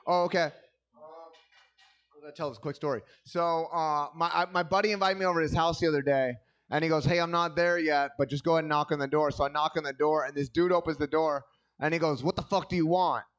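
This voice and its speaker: A man's voice: a little high, brisk, fairly bright tone, muffled recording. A man doing a stand-up comedy set on a club stage, telling loose, rambling stories full of crude jokes into a handheld mic.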